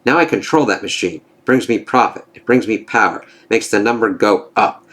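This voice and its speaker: A man's voice: fairly low pitch, a little fast, fairly bright tone, lightly acted. A man reading the lines of a smug, gloating male corporate villain from a comic, taunting as he speaks.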